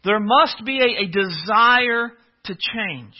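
A man's voice: high voice, animated, takes it slowly. A man preaching a sermon in a conversational, earnest storytelling manner. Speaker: pastor. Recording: dull lo-fi audio.

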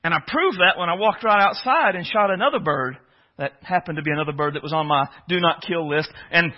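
Over dull lo-fi audio, a pastor delivers a sermon in a conversational, earnest storytelling manner. His voice sits on the high side and moves a little fast.

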